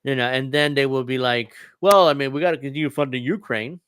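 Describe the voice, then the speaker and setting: A man's voice: mid-range voice, fairly quick, a bit bright, clear, resonant tone, no echo. A man hosting a casual political commentary show, reading news articles aloud and riffing on them sarcastically. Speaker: podcast host.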